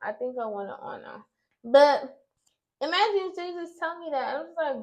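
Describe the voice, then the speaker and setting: A young woman vlogger telling an exasperated, animated story to her viewers while doing her makeup. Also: high-pitched, moderate pace, dull audio. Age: young adult.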